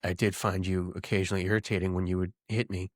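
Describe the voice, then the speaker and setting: A young adult man co-hosting a podcast, chatting casually and ranting in a jokey way, his pitch jumping up when he gets worked up. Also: fast talker, no room sound, clean studio sound. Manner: animated, jokey, rants with rising pitch. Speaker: podcast co-host. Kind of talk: casual banter.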